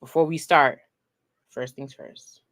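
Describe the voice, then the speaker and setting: A woman hosting a podcast, talking in a casual, animated, rambling way with lots of fillers. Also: sits low, slow pace. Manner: animated, rambling, says "like" often. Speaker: podcast host.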